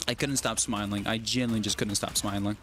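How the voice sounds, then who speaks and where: A man's voice: on the low side, fairly even intonation, quick pace, fairly bright tone, a little hiss or hum. Rambling young man telling a story. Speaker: streamer. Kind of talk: casual chat while gaming on a stream.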